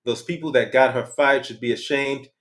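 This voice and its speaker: Middle-aged man hosting a livestream, blunt and animated, medium pitch. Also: normal speed. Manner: candid, animated, uses slang and swears. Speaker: channel host. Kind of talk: casual livestream commentary.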